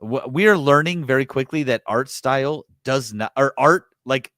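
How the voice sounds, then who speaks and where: A man co-hosting a gaming podcast in casual chat, playful and quick to laugh while reading listener messages. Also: medium pitch, a bit bright, dry recording, studio quality. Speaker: podcast co-host.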